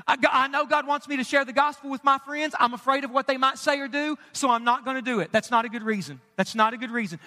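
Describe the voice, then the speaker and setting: A man's voice: very high voice, pushed and bright. A man preaching a sermon to his congregation, emphatic and conversational, with rhetorical questions and jokes. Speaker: pastor. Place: church sanctuary. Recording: long hall reverb.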